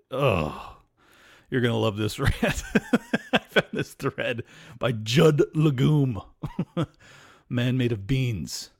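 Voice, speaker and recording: Sarcastic guy ranting on his show, swears a lot, voice jumps all over the place. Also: fairly high pitch. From United States. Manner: sarcastic, profane, mocking. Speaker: podcast host. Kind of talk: political commentary rant.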